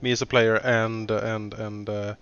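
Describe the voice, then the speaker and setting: Casual gaming co-host, man, bright forceful tone, laughs a lot, on a dull mic. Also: lowish voice, little pitch movement, clear, resonant tone. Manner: laughs often, halting restarts. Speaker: let's play co-host.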